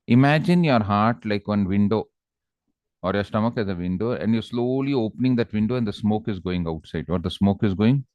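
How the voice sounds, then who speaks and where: A low-pitched man with an Indian English accent who teaches exam prep in a calm, coaxing manner. The sound is dry and a little dull, as if from a basic lo-fi recording. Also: fairly quick, no room sound. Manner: calm, coaxing, acts out characters in anecdotes. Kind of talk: exam-prep lecture with storytelling.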